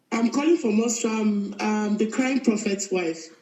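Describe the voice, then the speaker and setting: A woman calling in by phone to tell her story, talking in a lively way and laughing often. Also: medium pitch, measured pace, echoey room, background noise. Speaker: caller. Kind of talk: phone-in testimony. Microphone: phone call played into the room.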